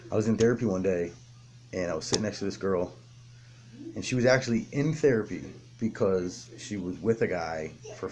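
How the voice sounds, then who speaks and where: A man with a low, deep voice tells his recovery story plainly and bluntly. He swears freely and stumbles into restarts, and a faint hum of room noise sits behind him. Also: a little mellow. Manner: raw, blunt, heavy swearing, halting restarts. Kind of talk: candid personal recovery story.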